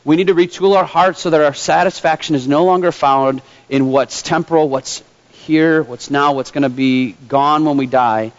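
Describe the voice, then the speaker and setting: Man, preacher, sermon, chatty storytelling, slightly high voice, dull lo-fi recording. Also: normal speed. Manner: conversational, storytelling, with fillers. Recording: dull lo-fi sound.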